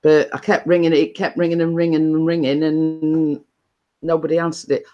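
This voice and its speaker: A woman's voice: sits low, level tone, brisk, mellow, dull audio. A Northern English woman hosting a casual home live stream, chatting in long, rambling stories full of dialect phrasing.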